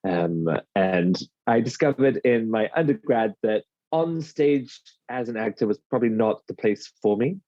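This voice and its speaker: A man from the UK, a dialect coach, explaining his work in a relaxed, thoughtful podcast interview. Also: medium pitch, dry recording, lo-fi sound.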